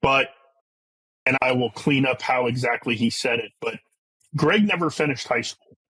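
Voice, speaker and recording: Middle-aged male guest, husky voice, blunt and earnest storyteller with a few swear words. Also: medium pitch, normal speed, bright, forceful tone, poor audio. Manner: blunt and earnest, with casual profanity. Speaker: podcast guest. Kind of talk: candid personal storytelling.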